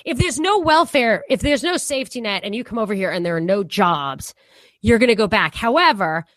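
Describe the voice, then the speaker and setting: A woman's voice: on the high side, lively intonation, a little fast, a bit bright, dry recording. A woman co-hosting a podcast, talking through political ideas in a rambling, casual way with frequent restarts. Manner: rambling, restarts often, laughs easily. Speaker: podcast co-host.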